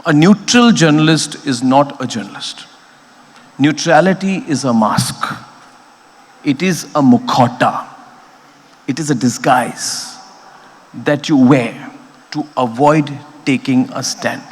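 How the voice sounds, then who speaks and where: A man's voice: mid-range voice, takes it slowly, long pauses, breathy edge. A man with an Indian English accent giving an emphatic, impassioned keynote speech, stressing phrases hard. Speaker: keynote speaker, news editor. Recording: long reverb of a big hall.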